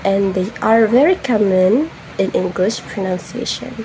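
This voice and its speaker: A woman's voice: mid-range voice, measured pace, dark tone, slight background noise, poor audio. A young woman giving a classroom presentation, carefully spelling out example words letter by letter. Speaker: student presenter.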